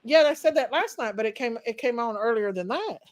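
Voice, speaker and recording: A woman's voice: on the high side, expressive, brisk. A woman chatting casually to viewers on a livestream from her farm home, rambling and addressing them as y'all. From Tennessee. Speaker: livestream host. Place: farm, outdoors then indoors at home. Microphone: phone or laptop.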